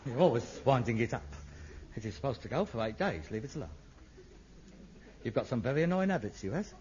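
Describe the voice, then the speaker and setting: An actor playing a touchy, irritable grown son who snaps into rants, in a dull, lo-fi old radio sitcom recording. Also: male voice, mid-range voice, sing-song, brisk, a little mellow, a little hiss or hum, close to an everyday voice. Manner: irritable, snapping, flares into rants. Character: frustrated middle-aged London son, irritable and touchy. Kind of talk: 1960s radio sitcom acting.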